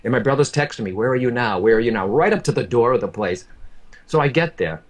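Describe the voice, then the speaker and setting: A man's voice: medium pitch, lively intonation, quick pace. A man who works as a medium, telling an emotional personal story in an earnest way, often repeating himself and speaking straight to the listener. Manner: earnest, repeats words, addresses the listener directly.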